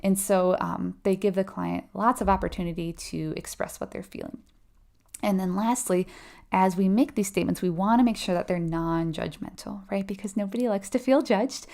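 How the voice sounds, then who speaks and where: Gravelly-voiced woman teaching exam review. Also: mid-range voice, moderate pace, darkish tone. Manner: conversational, explains step by step, asks the audience questions; laughs lightly while acting out client replies. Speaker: nursing exam review instructor. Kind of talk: live online exam review lesson.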